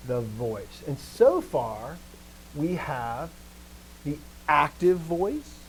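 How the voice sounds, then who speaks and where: A man's voice: a little high, drawn-out words, a little hiss or hum, rough recording. A man teaching a live grammar lesson, asking the class questions and restarting his sentences as he thinks. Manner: lively, asks questions and answers himself.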